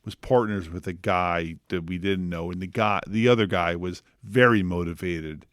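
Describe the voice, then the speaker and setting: A man's voice: deep voice, moderate pace, clear, resonant tone, dry recording. A man from New Jersey co-hosting a podcast, swearing freely and laughing through his stories. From New Jersey, USA. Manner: profane, laughing, animated. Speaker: podcast co-host. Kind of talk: casual chat.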